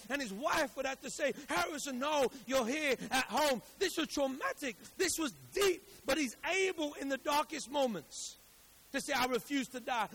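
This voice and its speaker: A man preaching a sermon, dropping to quiet storytelling and rising to loud, emphatic exhortation with repeated phrases. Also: very high-pitched.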